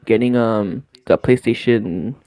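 A man's voice: lowish voice, measured pace, mellow, dry recording. A young man co-hosting a podcast, joking and swearing in loose storytelling banter. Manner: bilingual, slips into Spanish. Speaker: podcast co-host. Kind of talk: casual chat.

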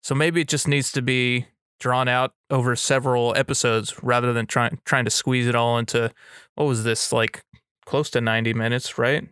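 Smooth-voiced man, casual podcast host. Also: mid-range voice, flat delivery, a bit bright, no echo, studio quality. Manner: thoughtful, measured, filler-heavy. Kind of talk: casual chat.

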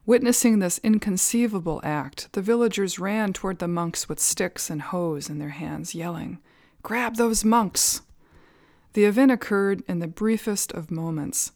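Calm, low-voiced woman storyteller. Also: no echo, studio quality. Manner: calm, measured, with soft fillers. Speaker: storyteller at a Zen center. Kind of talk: storytelling podcast narration.

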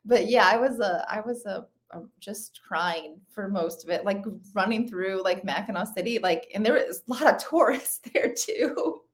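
A woman's voice: mid-range voice, normal speed, few pauses. A woman in her thirties talking casually as an interview guest, chatty and full of "like" fillers, often laughing as she talks. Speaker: interview guest, ultra runner.

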